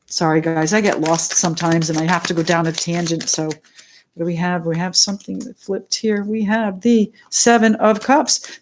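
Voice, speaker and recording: A middle-aged woman leads a live tarot reading in an excited, chatty way. She talks straight to her viewers, greets them by name and goes off on tangents. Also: lowish voice, moderate pace, slight background noise. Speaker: tarot reader.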